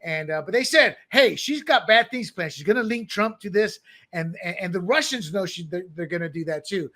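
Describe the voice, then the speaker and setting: High, bright-voiced male political co-host. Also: fairly quick. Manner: animated, joking, repeats words when restarting. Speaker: podcast co-host. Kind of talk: political commentary chat.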